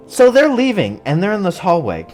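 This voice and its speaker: In a somewhat mellow, medium-pitched voice, a movie reviewer rambles through a casual recap that gives away spoilers, joking and laughing often as it goes.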